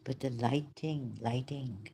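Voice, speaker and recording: Hushed, halting woman, low and gravelly. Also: slight background noise. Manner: halting, hushed, often breaks into whispers. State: emotional, overwhelmed. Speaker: vlogger. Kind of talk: unscripted spoken reflection.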